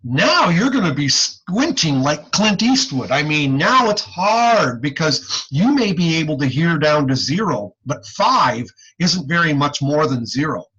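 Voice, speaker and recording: Male audiology instructor, animated folksy delivery, husky voice, dull lo-fi computer-mic sound. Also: fairly high pitch, unhurried, hardly any pauses. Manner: animated, folksy teaching with frequent "okay?" checks. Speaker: audiology lecturer. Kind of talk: recorded online lecture.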